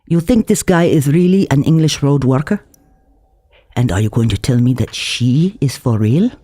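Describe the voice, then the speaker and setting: A man's voice: mid-range voice, expressive, normal speed, warm tone, no room sound, lightly acted. A man voicing a scheming, conspiratorial Syrian man who fires off urgent questions.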